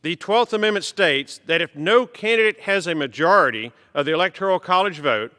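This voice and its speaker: A middle-aged man, a congressman, giving a formal prepared speech from the floor in a measured, emphatic way. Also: sits high, expressive, bright, forceful tone. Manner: measured, emphatic delivery of a written text. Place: large legislative chamber. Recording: long reverb of a large hall.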